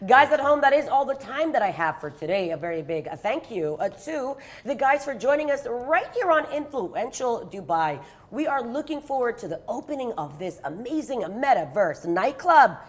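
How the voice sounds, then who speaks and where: Lively, bubbly woman host. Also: fairly high pitch, moderate pace. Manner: bubbly, laughs often. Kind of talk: playful trivia interview.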